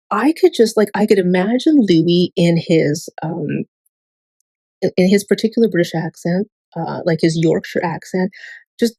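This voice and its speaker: A woman with a somewhat low, mellow voice talks straight to camera in a loose, digressive vlog monologue. She leans hard on fillers and swears without a second thought. The sound is dry and close. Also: breathy edge, no echo, low-quality recording. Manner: swears freely. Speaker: vlogger. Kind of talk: casual rambling monologue.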